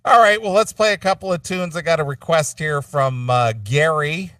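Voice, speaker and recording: A man's voice: on the high side, normal speed, sharp tone, dry recording, distant mic. A man hosting a casual radio show, laughing easily and introducing callers and songs. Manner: laughing easily, takes calls.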